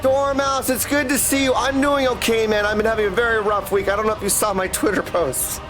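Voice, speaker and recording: A male streamer talks casually with his chat, upbeat and greeting viewers by name. His voice sits notably high, and game music plays loudly behind him. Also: steady tone, a little fast.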